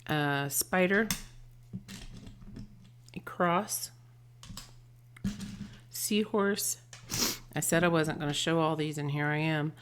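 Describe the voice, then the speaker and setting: Slow, low-voiced gentle woman reading tarot. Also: fairly even intonation, slight background noise. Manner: gentle, affectionate, trailing off with soft murmurs. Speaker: tarot reader and channeler. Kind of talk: intuitive tarot and charm reading.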